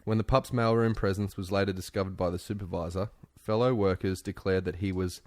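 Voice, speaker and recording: A man co-hosts a podcast in easy, joking chat. His voice sits a little low, and he breaks into laughter often. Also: steady tone, a little fast, darkish tone. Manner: jokey, laughs often, drops into silly voices. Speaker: podcast co-host. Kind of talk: casual chat.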